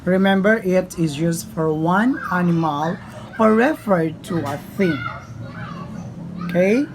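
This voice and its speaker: A woman teaching a grammar lesson in a slow, deliberate way, often calling the class to attention. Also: on the low side, background noise. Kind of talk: grammar lesson for young learners.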